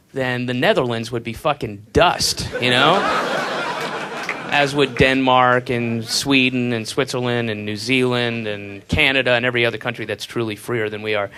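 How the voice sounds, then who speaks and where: Performing on a comedy club stage before a laughing crowd, a stand-up comedian from the United States delivers a profane, sarcastic rant with mocking whispered asides. His medium-pitched voice is pushed and bright, at a moderate pace, and the live club recording picks up audience murmur and faint noise.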